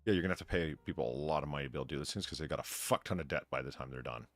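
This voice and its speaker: A man hosting a live stream, reading out donations and telling stories in a casual, animated way, swearing and laughing often. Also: very deep voice, rapid-fire, dry recording.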